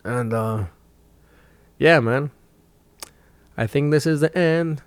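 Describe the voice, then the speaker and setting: A man's voice: fairly high pitch, takes it slowly, clean tone, no room sound. A young man and stand-up comic hosting his own podcast, telling a rambling, profane story in casual chat. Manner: profane, rambling, animated when quoting people.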